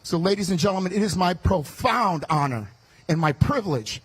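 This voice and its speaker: In a high, animated, slightly rough voice, a Chicago-area running mate gives a fiery rally speech on a state fair stage. He talks fast and loud into a stage microphone, shouting his punchlines, and the audio is poor.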